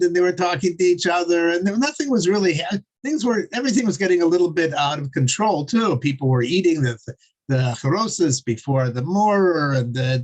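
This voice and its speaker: A man's voice: high voice, rough recording. A man teaching a Torah class, telling a story conversationally with frequent fillers and chuckles.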